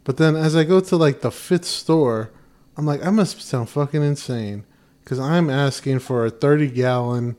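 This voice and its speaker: A man's voice: mid-range voice, normal speed. Laid-back man telling a work story. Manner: relaxed anecdote teller, gets louder when acting himself out. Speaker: podcast co-host. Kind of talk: casual podcast chat.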